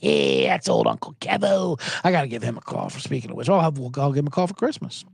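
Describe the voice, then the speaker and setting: A man's voice: mid-range voice, wildly swooping pitch, fast, vocal fry, husky, no echo. A man hosting a sports betting podcast, rambling and joking profanely in a casual monologue. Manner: profane, joking, rambling, breaks into mock impressions.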